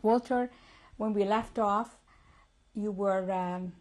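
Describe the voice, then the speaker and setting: A woman interviewer asking brief, measured questions in an oral history interview. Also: mid-range voice, fairly even intonation.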